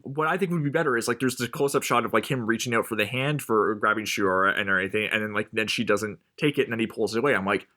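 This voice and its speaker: A man's voice: lowish voice, quick pace, few pauses, bright, forceful tone. Rambling man, full of "like"s. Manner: rambling, filler-heavy, lots of "like" and "um". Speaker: podcast co-host. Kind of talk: casual film discussion.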